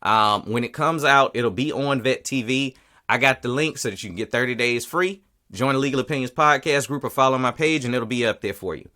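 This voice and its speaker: A man's voice: medium pitch, fairly quick, pushed and bright. A man hosting a podcast, telling a story in casual, profane chat and acting out other people's lines. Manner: profane storytelling, acts out quotes. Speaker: podcast host.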